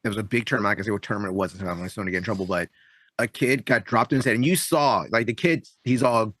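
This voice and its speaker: A man co-hosting a podcast, telling stories in an animated, conversational way. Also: lowish voice, fast, no echo. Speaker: podcast co-host and judo coach. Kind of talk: casual podcast chat.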